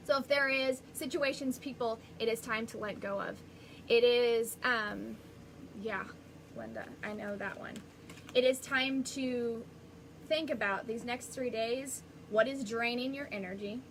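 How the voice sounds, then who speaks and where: A woman's voice: a little high, slight background noise, rough recording. A woman hosting a live-streamed spiritual reading as a psychic medium, talking in a rambling, chatty way and often restarting.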